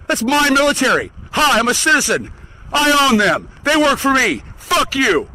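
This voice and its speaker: Male solo ranter, furious and foul-mouthed, vocoder effect, sharp tone. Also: very high-pitched, sing-song, moderate pace, slight background noise, rough recording. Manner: angry, profane, swearing constantly. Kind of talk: solo ranting monologue.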